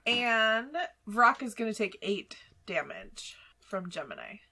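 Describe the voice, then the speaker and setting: A woman narrating as game master for a tabletop game, chatty and quick to laugh. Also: medium pitch, very animated, crowd noise. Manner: laughs often, chatty with fillers.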